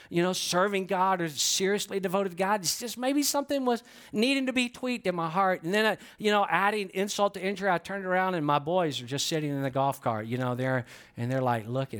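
A middle-aged man preaching, telling an animated, self-deprecating story and asking the congregation questions. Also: sits high, a little fast. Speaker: pastor. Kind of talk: storytelling sermon. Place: church before a congregation.

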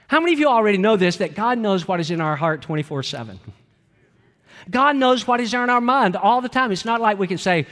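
A man's voice: high voice, lively intonation, brisk, fairly bright tone, long reverb tail. A man preaching a sermon as a pastor, emphatic, acting out quoted prayers with growing intensity.

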